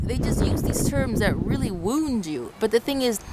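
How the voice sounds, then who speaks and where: A woman's voice: a little high, expressive, moderate pace, hardly any pauses. A woman from Ecuador talking to camera outdoors in a casual vlog, giving earnest advice and repeating herself as she goes. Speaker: vlogger. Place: outdoors on a windy day. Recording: loud wind noise buffeting the mic outdoors.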